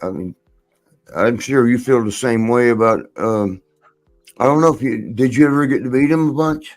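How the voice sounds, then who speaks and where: An older man hosting a casual podcast, spinning loose, meandering stories and laughing between lines. He talks at an everyday pitch and acts out what other people said. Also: normal speed, soft background music. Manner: laughs often, rambling anecdotes with quoted voices. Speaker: podcast host. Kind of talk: casual storytelling chat.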